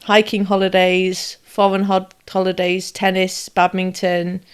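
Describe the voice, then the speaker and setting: A young woman co-hosting a casual chat, explaining points in a measured way and rattling off lists. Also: mid-range voice, monotone, smooth. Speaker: co-host.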